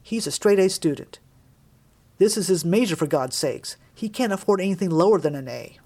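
Woman reader doing a loud, menacing, blustering middle-aged bully. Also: on the low side, expressive, normal speed, breathy edge. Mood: angry. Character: angry balding middle-aged man, bullying.

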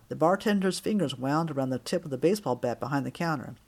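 A man's voice: fairly high pitch, quick pace, vocal fry, few pauses. Man narrating a wry audiobook. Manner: wry, expressive storytelling.

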